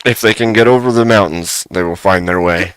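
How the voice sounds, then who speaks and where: A man's voice: low-pitched, fairly quick, fairly bright tone, smooth, dry recording. A man hosting a live stream, chatting casually and joking with much laughter.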